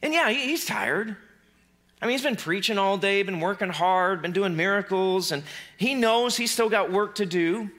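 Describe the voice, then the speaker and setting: A male pastor preaching a sermon in a conversational way, with playful asides and animated re-enactments of scenes. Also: high-pitched, moderate pace.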